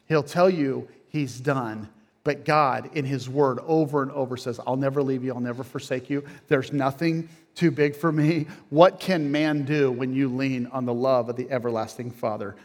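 A middle-aged man, a pastor, preaching a sermon that swings from quiet, low phrases to loud, emphatic peaks. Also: moderate pace.

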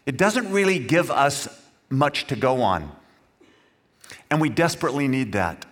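A man's voice: medium pitch, animated, unhurried, fairly bright tone. Earnest male pastor preaching. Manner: earnest, emphatic, addresses the congregation directly. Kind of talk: sermon.

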